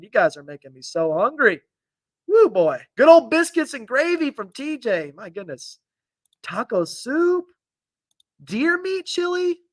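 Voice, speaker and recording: A chatty, upbeat man hosts a casual weather live stream, reading viewer comments aloud. His voice sits fairly high and sounds a little congested. The sound is dry and close, with no room echo. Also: pushed and bright. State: slightly congested. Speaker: TV meteorologist.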